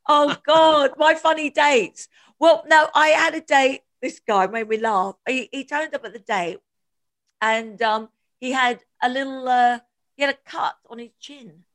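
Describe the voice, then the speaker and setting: A woman's voice: high voice, a little slow. A woman co-hosting a podcast, telling stories in a casual chat with frequent laughter and acted-out quotes. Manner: animated, laughs often, acts out quotes. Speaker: podcast co-host.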